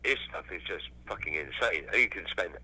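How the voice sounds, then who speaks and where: Englishman guesting on an interview, bright edgy timbre, rambling and profane. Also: low-pitched, lively intonation, fairly quick, breathy edge, rough recording. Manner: swears freely, rambling with restarts. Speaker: musician guest. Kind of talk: casual interview chat.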